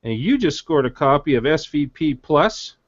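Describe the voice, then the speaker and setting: A man's voice: fairly high pitch, very animated, moderate pace, dull audio. A man co-hosting a live webinar, casual and hesitant, with many fillers as he reads out winners. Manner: hesitant, many fillers while reading names. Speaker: webinar co-host.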